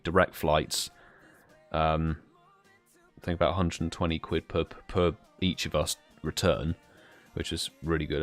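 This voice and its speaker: A young British man hosting a live stream, chatting casually and greeting viewers by name. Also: deep voice. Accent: British English. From United Kingdom. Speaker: livestream host.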